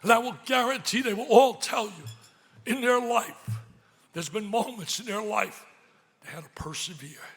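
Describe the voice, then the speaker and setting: A man's voice: high voice, normal speed, vocal fry. Emphatic older man in echoing hall. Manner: emphatic, swings from loud excitement to hushed pleading. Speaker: speaker at a charity gala. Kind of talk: emotional gala speech. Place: large banquet hall. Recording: reverberant banquet hall.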